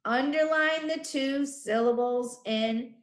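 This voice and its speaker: A woman teacher leading a children's phonics lesson, sounding out letters and syllables slowly and clearly. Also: high-pitched. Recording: echoey room.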